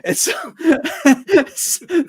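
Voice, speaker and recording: A man's voice: very high-pitched, extremely slow. A middle-aged man in casual chat, telling jokey childhood stories. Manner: jokey, chatty.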